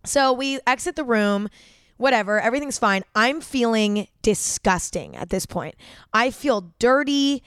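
A woman's voice: a little high, animated, a little slow, clear, resonant tone, dry recording, clean studio sound. A young woman hosting a podcast and telling a personal story in a casual, chatty way, packed with fillers and frequent swearing. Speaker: podcast host.

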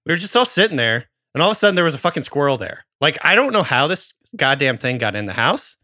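A man's voice: fairly high pitch, sing-song, fast, pushed and bright, dry recording, clean studio sound. A man in his thirties co-hosting a podcast, telling a story in casual chat and swearing freely. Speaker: podcast host.

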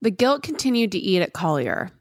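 A woman's voice: mid-range voice, big pitch swings, fairly quick. A woman co-host narrating a true-crime story with earnest, sympathetic commentary. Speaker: podcast co-host.

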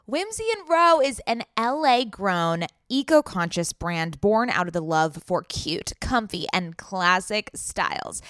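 Smooth-voiced woman podcast co-host. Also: mid-range voice, animated, unhurried, few pauses, fairly bright tone, no room sound, studio quality. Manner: upbeat, finishes her co-host's sentences. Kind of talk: casual chat and read ads.

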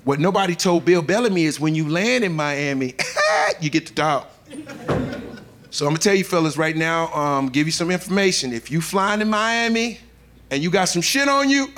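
A man doing a profane, animated stand-up comedy set in front of a live audience, acting out the people in his stories. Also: fairly high pitch, slight background noise. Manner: animated storytelling, profane, acts out characters. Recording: live club set with loud crowd laughter.

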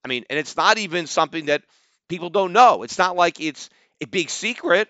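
A man hosts his own podcast, delivering opinionated commentary with a forceful, pointed edge. He is animated and mocking, and his voice climbs high when he gets worked up. The sound is dry and close, a little dull. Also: a little fast, no echo. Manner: animated, mocking, rising to near-shouts when quoting critics. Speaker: podcast host.

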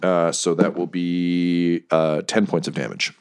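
Game master: male, lowish voice, loose and profane, lots of ums. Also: little pitch movement, unhurried, darkish tone, clean tone. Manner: loose, profane, laughing narration. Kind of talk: narrating a tabletop game.

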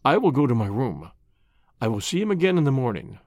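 A man voicing a stern, proud gray-haired father who speaks low in a shaken, muttering way. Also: big pitch swings, brisk, a little mellow, no echo, clean studio sound, natural voice.

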